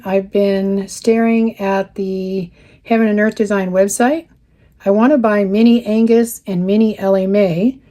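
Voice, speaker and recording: Stitching as she goes, this woman in her 50s runs a relaxed craft vlog, reading out viewer comments in a chatty, warm way. Her medium-pitched voice sounds mellow with a slight wear, broken up by frequent, easy laughter.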